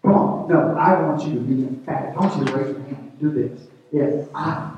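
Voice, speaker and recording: A man's voice: fairly high pitch, normal speed, distant mic. A man preaching a sermon as pastor, calling out to the congregation. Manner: preaching with call-and-response to the congregation. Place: church sanctuary. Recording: echoey hall, picked up from afar, dull sound.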